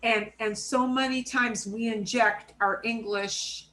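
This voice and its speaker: A woman's voice: fairly high pitch, steady tone, slow, a bit bright, poor audio. A woman teaching a language class over a video call, chatty and explanatory, checking in often with "right?" and "okay?". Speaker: Spanish teacher. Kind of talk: casual online class teaching.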